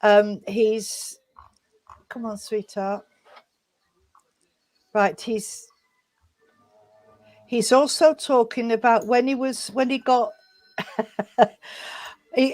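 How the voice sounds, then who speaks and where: A woman leading a mediumship demonstration at a service. She talks in halting bits with many fillers and restarts, and calls people sweetheart. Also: on the high side, darkish tone.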